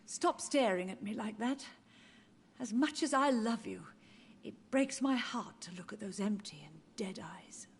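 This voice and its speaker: A woman's voice: medium pitch, animated, a little slow, a little hiss or hum, lightly acted. A woman voicing an elderly, confused mother who mourns her dead children, in game dialogue with a dreamy, wandering delivery that drifts into whispers. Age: older. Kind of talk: video game voice acting.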